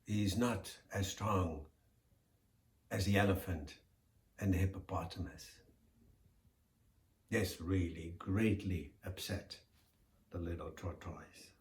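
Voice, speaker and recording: A man telling a folk tale in a slow, deliberate, expressive way. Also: low voice. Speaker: storyteller. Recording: echoey room.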